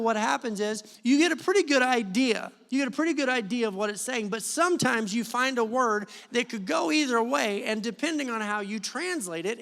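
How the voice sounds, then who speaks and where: A pastor delivers a lively sermon with a fairly high, bright-edged voice. He talks straight to the congregation and drops in jokes between Bible readings. The sound carries a long church-hall reverb. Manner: animated, joking asides to the congregation. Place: church sanctuary.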